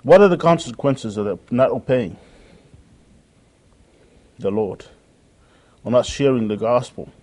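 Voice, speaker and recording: A man's voice: medium pitch, expressive, measured pace, long pauses, darkish tone. A man preaching a sermon in an earnest way, often repeating phrases and quoting scripture.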